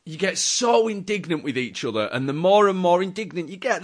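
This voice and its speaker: A man's voice: mid-range voice, sing-song, a little fast, hardly any pauses. A man hosting a casual chat, enthusiastic and prompting his guest.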